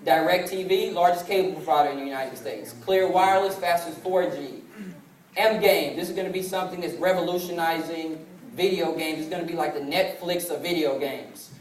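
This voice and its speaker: A young man with a high voice gives a motivational sales talk, acting out the people in his stories. He is picked up from a distance in a roomy, echoing hall with faint ambience behind him. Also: a little fast, slight background noise. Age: 20s. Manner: storytelling that acts out family dialogue. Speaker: sales presenter. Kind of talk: motivational business presentation.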